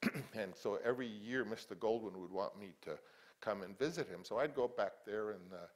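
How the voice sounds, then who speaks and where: Reminiscing in an interview, an elderly film director speaks in a lowish voice. His answers come out halting, full of restarts and repeated words.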